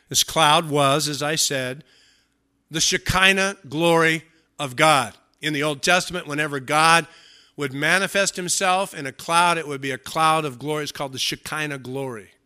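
Male pastor, bright and slightly high voice, animated sermon delivery that mimics the characters he quotes. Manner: animated preaching, acts out quotes with shifting pitch and volume.

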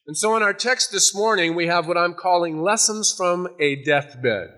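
A man's voice: high voice, normal speed, bright, forceful tone. A male pastor preaching a sermon, telling a humorous story and then urging his listeners earnestly.

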